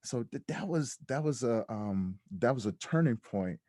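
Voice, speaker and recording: A man on a podcast as a guest, telling his personal story in a reflective way that turns animated when he quotes others. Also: medium pitch, moderate pace, dry recording, clean studio sound. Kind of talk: candid storytelling interview.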